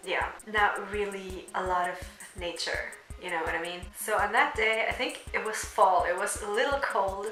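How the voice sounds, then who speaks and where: A woman's voice: mid-range voice, bright, forceful tone, echoey room, rough recording. A woman in her twenties telling a personal story in a casual vlog, chatty and laughing often between lines. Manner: chatty, laughs often, fillers like "you know". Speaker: vlogger.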